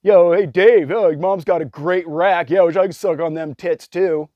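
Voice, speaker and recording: A man's voice: sits high, normal speed, warm tone, no room sound, highs cut off, voice pushed up, lightly acted. A man putting on the voice of a crude, jeering schoolboy teasing a classmate.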